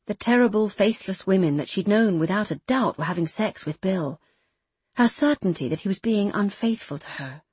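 A woman reading a novel aloud in measured, intimate scripted narration. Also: medium pitch, a little mellow, slightly rough, no room sound. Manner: measured, intimate, close third-person storytelling. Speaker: audiobook narrator.

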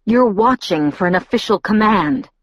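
A woman's voice: medium pitch, animated, normal speed, no room sound, natural voice. A woman voicing a tense, short-tempered young man who speaks in clipped, controlled lines, in an audiobook reading.

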